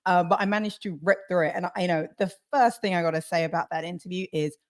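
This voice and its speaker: A woman co-hosting a podcast, talking in an energetic, chatty way with restarts and easy laughs. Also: fairly low pitch, quick pace. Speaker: podcast co-host. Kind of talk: casual crypto podcast chat.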